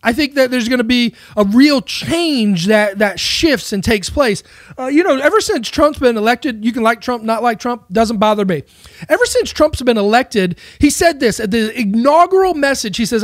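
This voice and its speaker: A man's voice: very high voice, expressive, moderate pace, no echo, clean studio sound. A man giving a casual, rambling monologue on faith, with many rhetorical questions. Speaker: Christian speaker.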